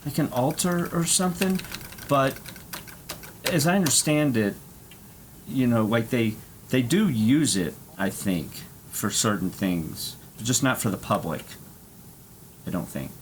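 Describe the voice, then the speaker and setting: A man's voice: medium pitch, expressive, measured pace, long pauses, a little hiss or hum. A man streaming, telling a rambling, profane travel story with lots of fillers and laughs.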